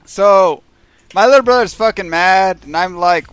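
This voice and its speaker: A man's voice: high-pitched, animated, unhurried, a bit bright, clean tone, faint music behind. A man telling a rambling, profanity-heavy story on a stream. He keeps checking in with his listeners by asking "right?". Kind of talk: casual storytelling.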